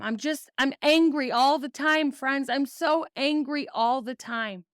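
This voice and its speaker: Woman, high voice, slow deliberate delivery, furious cursing rant, political podcast host, dry close recording. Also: dry recording. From United States. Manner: profane, ranting, reads news aloud. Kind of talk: angry political commentary.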